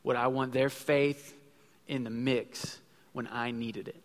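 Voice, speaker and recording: A man's voice: mid-range voice, fairly even intonation, takes it slowly. A man in his thirties preaching a sermon in a conversational way, acting out little quotes as he goes. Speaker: pastor. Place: church sanctuary. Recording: long hall reverb with faint music.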